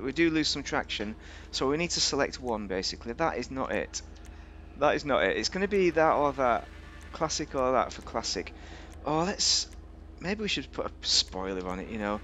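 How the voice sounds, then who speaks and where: A man's voice: mid-range voice, fairly bright tone, a little hiss or hum. A man giving rambling, joking commentary while reviewing a video game. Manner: rambling, chatty, jokey asides. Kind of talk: casual gameplay commentary.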